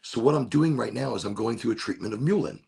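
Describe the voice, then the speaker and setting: A man's voice: medium pitch, animated, quick pace, vocal fry, warm tone, a little hiss or hum. A man hosting his own podcast, chatting casually from home in a rambling, laid-back way, often cutting himself off mid-sentence. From Florida. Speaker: podcast host. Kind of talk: casual solo chat. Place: home room with window cracked.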